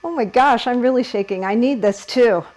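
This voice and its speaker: A woman's voice: on the high side, normal speed, darkish tone, low-quality recording. A woman leading a yoga class, giving encouraging instructions and laughing at herself while she holds the poses.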